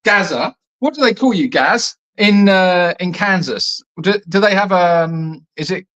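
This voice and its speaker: A man co-hosting a live Q&A chat from an animal sanctuary, joking and bantering with his co-host. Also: unhurried. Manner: jokey, playful banter with lively pitch swings.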